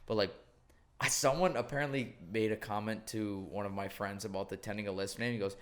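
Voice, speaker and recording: A young man with a slightly low voice chats on his podcast. He tells stories in a loose, rambling way, full of casual swearing. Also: fairly even intonation, a little fast. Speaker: podcast host. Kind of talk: casual chat.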